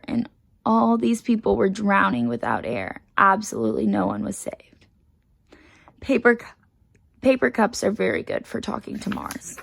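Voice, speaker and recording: A woman reading a children's picture book aloud in a lively first-person storytelling manner, taking on a bossy child's chatter. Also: fairly high pitch, vocal fry, no echo, poor audio.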